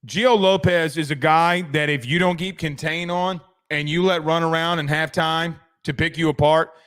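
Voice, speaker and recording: Man, sports host, high voice, rambling, jokey asides. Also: steady tone, normal speed, fairly bright tone, clean tone. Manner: rambling, joking, trails off into asides. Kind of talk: casual sports commentary.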